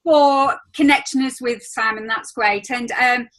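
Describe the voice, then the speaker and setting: A woman hosts a team training over a video call. Her voice sits high and bright, and she talks in a gushing, rambling way full of fillers. It sounds like a home computer mic on a video call. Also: fairly even intonation, unhurried, poor audio. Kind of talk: casual chat on a video call.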